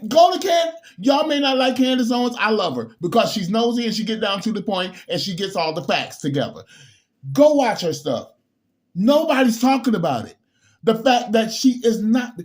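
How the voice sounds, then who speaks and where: Heated, high-voiced man on a rant. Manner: heated, preachy, repeats words and restarts, sudden loud outbursts. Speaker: bishop. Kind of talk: political rant to camera.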